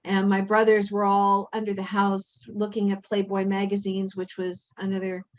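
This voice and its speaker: A woman leads a reflective session on spiritual growth. Her voice sits at a middle pitch. She speaks in a measured, earnest way and draws others in with questions. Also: monotone, low-quality recording. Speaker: workshop host.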